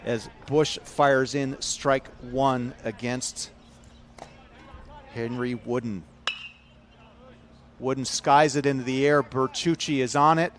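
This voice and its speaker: A man's voice: medium pitch, fairly even intonation, takes it slowly, pauses often, a little hiss or hum. A man with a Chicago American accent calling a youth baseball game live, chatty and often correcting himself. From Chicago, United States. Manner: chatty, self-correcting, rising to shouts on big hits. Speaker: baseball commentator. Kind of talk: live play-by-play commentary.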